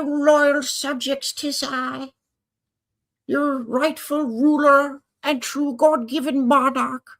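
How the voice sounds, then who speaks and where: A haughty elderly queen speaks slowly and grandly in a high, put-on British accent, as a man does a jokey impression. Her manner is pompous and stately. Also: vocal fry, a bit bright, heavily acted, poor audio.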